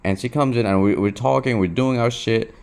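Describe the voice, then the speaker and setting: A man's voice: mid-range voice, a little fast, gravelly, darkish tone, clean tone. A young man talking candidly to his camera, restless and emotional, who swears, repeats himself and keeps saying "bro.". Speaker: vlogger. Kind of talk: confessional talk to camera.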